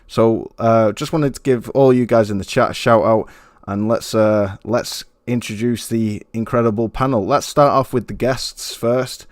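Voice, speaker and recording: A man's voice: mid-range voice, steady tone, a little slow, few pauses, dry recording, clean studio sound. A man hosting a gaming podcast, hyped and slangy, with plenty of fillers. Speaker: podcast host. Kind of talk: casual podcast intro.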